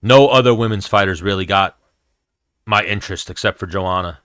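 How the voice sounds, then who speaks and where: A man's voice: deep voice, a little fast, a bit bright, clear, resonant tone, no room sound, studio quality. A man, hosting a casual MMA chat stream in a blunt, profane, rambling way. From New York, USA. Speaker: MMA show host answering chat.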